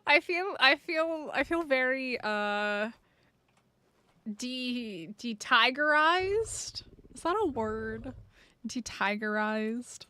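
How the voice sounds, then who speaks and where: A woman streaming a survival game chats playfully with her viewers, giggling and laughing often. Her voice is high-pitched and sharp, and she speaks slowly in this casual live-stream chat.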